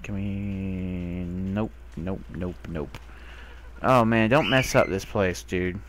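A young man doing casual game commentary, talking to the animals he finds and getting excited by them. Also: low-pitched, slow pace, long pauses, slight background noise. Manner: talks to animals, excitable, squeals when delighted. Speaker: gamer. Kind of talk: casual let's play commentary.

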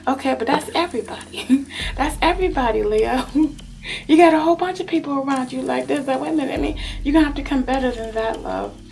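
A woman giving a tarot love reading in an animated, teasing way, often calling the listener baby. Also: sits high, fast talker, creaky, slight background noise. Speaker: tarot reader.

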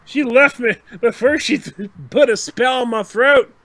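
Man voicing a jilted redneck pony: shrill, twangy, cartoon-style rant. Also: measured pace, a bit bright, no echo. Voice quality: exaggerated redneck drawl.

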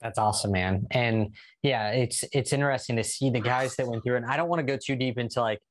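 A man's voice: mid-range voice, quick pace. A man hosting a podcast, chatting in an upbeat, conversational way and asking long questions. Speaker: podcast host, interviewer. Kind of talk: casual interview talk.

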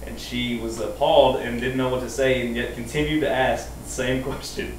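A man's voice: medium pitch, fairly even intonation, moderate pace. A young man, a comedian guest, telling casual comedic stories in a laid-back, rambling way full of fillers. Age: young adult. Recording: distant roomy mic with faint noise.

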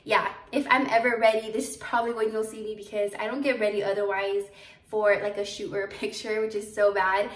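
A woman's voice: medium pitch, brisk, distant mic. A young woman, a boutique owner, chatting casually to her vlog camera and telling stories with lots of fillers. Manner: chatty, animated storytelling with fillers. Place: her boutique store, indoors. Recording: echoey room, voice off-mic.

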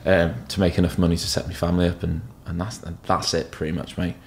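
A man's voice: low voice, level tone, quick pace, slight background noise. A man, a tattoo artist who is a podcast guest, chatting casually and candidly, swearing freely as he rambles. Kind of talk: casual chat.

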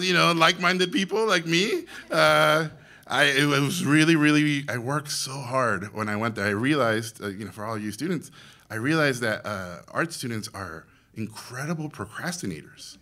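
Speaking to students as a guest speaker, an animation director in his forties tells stories animatedly in a Mexican accent, taking on the voices of their characters. His voice is medium in pitch, bright, forward, and ringing at the edge.

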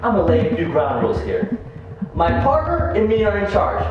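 A man plays a hotheaded gunman who yells and swears at everyone around him. His voice is strained and very high, and it comes from far off in a very echoey space with music behind it. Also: very animated, fairly quick, muffled recording, noisy background. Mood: angry. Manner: yelling, swearing. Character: hotheaded male gunman, short-tempered. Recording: distant, very echoey room with music.

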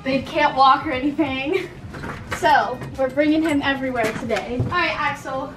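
A woman's voice: sits high, fairly even intonation, normal speed, noisy background. A young woman vlogging casually, bubbly and giggly, slipping into a sing-song voice for a baby and getting out of breath. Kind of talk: casual vlog narration.

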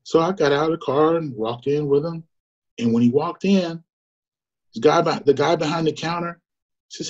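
Earnest man telling his story, husky. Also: fairly high pitch, normal speed. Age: middle-aged. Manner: earnest, conversational, many fillers and restarts. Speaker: guest storyteller. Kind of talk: personal testimony. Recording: muffled lo-fi recording.

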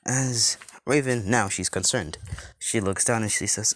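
A man's voice: lowish voice, a little slow, a bit bright. A man casually retelling a fan story, rambling with lots of fillers and restarts.

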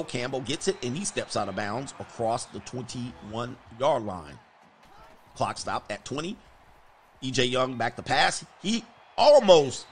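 An animated man narrates his football video game like a sportscaster, talking casually and in slang. He jumps up loud and high at big plays, then drops back to easy chatter. Faint game sound runs underneath. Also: slight background noise. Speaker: gamer doing play-by-play of his own football video game. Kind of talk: excited game commentary.

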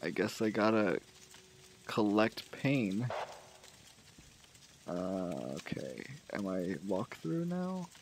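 A man's voice: on the low side, big pitch swings, slow, gravelly, long pauses, noisy background. A man casually narrating his own video game play, musing aloud with fillers and trailing off.

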